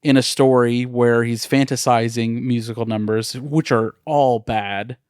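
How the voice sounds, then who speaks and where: A man's voice: mid-range voice, fairly even intonation, measured pace, a little mellow, smooth, dry recording, clean studio sound. A man co-hosting a casual podcast chat, blunt and emphatic, swearing freely. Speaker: podcast co-host.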